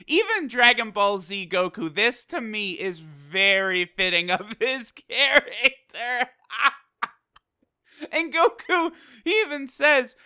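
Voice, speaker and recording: Casual anime reviewer, bright tone, dry close sound, chatty and loose, swears a lot. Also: medium pitch, very animated, a little slow, clean tone, dry recording. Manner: loose, full of fillers like "you know". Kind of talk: casual episode recap and review.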